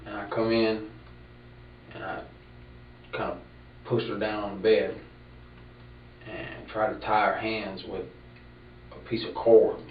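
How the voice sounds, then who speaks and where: Man, halting suspect voice, low and flat, on distant, dull archival room tape with faint hiss. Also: reverberant. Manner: hesitant, halting, repeats himself. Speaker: suspect being interrogated. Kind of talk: police interrogation. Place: interrogation room.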